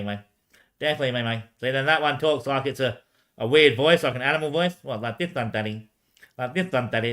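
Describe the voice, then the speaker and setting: Man, mid pitch, solo livestream, rambling, talks back to himself, says mate a lot, laughs often. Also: bright, forceful tone.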